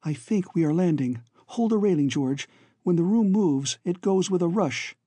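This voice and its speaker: A man's voice: sits high, expressive, normal speed, warm tone, slightly rough, dry recording, voice pushed up. A man reading an audiobook, voicing a slim little young woman who is tense and frightened and pleads urgently. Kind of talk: audiobook character voice.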